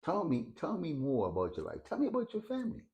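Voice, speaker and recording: A man voicing a calm, kind elderly man in his eighties who asks gentle, patient questions. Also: a little high, quick pace, voice pushed up.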